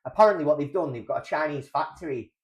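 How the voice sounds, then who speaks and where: A young man co-hosting a casual podcast, rattling through rambling, jokey stories at a fast clip. His voice sits a little high for a man. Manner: rambling, jokey, quick-talking. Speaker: podcast co-host. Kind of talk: casual banter.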